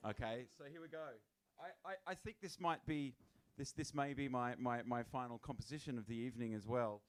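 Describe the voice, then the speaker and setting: Halting male host. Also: mid-range voice. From Australia. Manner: chatty, halting, filler-heavy. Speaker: host and musician. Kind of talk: live show hosting.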